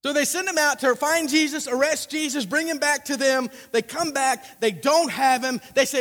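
A man with a strikingly high voice delivers a sermon, weaving joking anecdotes into scripture. His words ring out with a long reverb, as if recorded in a large church sanctuary. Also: moderate pace, hardly any pauses. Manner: animated, joking storyteller. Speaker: pastor. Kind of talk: sermon with storytelling.

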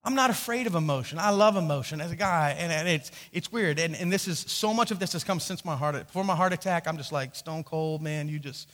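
A man's voice: sits high, animated, fast, hardly any pauses, fairly bright tone. A man preaching a sermon as pastor, storytelling with animation, acting out quotes and often restarting his sentences. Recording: long hall reverb.

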